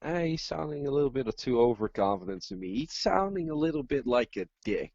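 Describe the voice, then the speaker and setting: A man's voice: mid-range voice, big pitch swings, brisk, a little mellow, dry recording, dull audio. A man doing color commentary on wrestling, playful and jokey with his partner.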